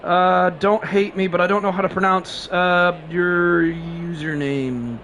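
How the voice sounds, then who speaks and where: A man's voice: sits high, fairly even intonation, measured pace, fairly bright tone, slight background noise. A man streaming a racing game live, chatting casually and rambling with frequent laughs, sleep-deprived and coughing.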